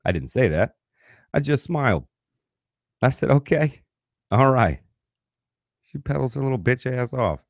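A man telling a personal story in a casual, animated way, swearing freely. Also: medium pitch, moderate pace, creaky, long pauses, no echo, studio quality.

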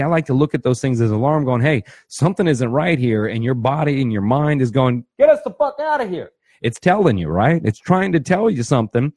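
A man speaks to his viewers in a conversational self-help talk. His voice is dark, with a husky edge, and the recording is close and dry. He keeps checking in with "right?" and jumps his pitch up or down to play people's inner voices. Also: no echo. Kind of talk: motivational talk to camera.

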